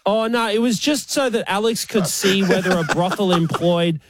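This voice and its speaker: An Australian man co-hosting a casual chat show, lively and quick to laugh. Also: sits high, background noise. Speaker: co-host.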